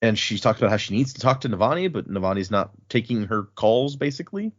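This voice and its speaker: A man's voice: fairly low pitch, big pitch swings, fast talker, dull audio. A man co-hosting a podcast, casually and animatedly retelling book chapters with chuckles and loose fillers. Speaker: podcast co-host.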